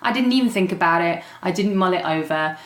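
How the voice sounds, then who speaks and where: English woman, young, storytelling guest, lowish voice, roomy echo. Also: a little fast. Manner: animated storytelling with fillers and laughs. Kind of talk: personal recovery story.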